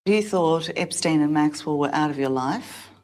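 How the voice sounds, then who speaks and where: A woman interviewer with a very low-pitched voice asks short, probing questions. Her delivery is direct and to the point. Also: moderate pace, darkish tone.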